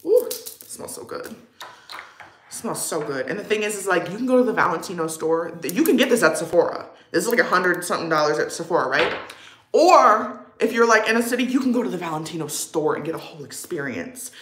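A woman's voice: lowish voice, animated, fast, fairly bright tone, a little hiss or hum. Chatty young woman in an echoey room. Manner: chatty and rambling, lots of "like", answers chat. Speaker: livestream vlogger. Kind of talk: casual get-ready-with-me livestream chat.

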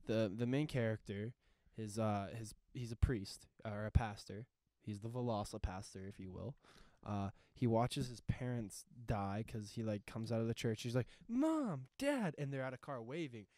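A man's voice: on the low side, steady tone, normal speed, mellow, no room sound. A young man in casual podcast chat, rambling with lots of fillers and acting out quotes from a movie he describes. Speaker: podcast host.

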